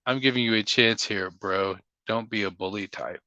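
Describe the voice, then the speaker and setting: A man's voice: on the low side, moderate pace, sharp tone, no room sound, lo-fi sound. A man hosting a casual livestream Q&A, talking in a blunt, opinionated, rambling way. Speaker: livestream host.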